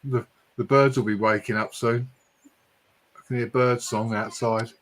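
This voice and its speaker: A man with an accent that mixes Essex and London, hosting a late-night live stream in a chatty way and speeding up when he gets excited. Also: medium pitch, measured pace. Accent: mix of Essex and London English. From Hertfordshire, England. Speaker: livestream host.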